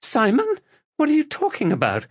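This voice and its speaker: A man voicing a worried young wife lying in a hospital bed, tired and sharp, in a dull lo-fi recording. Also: medium pitch, lively intonation, a little slow, husky, no room sound, voice pushed up. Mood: alarmed.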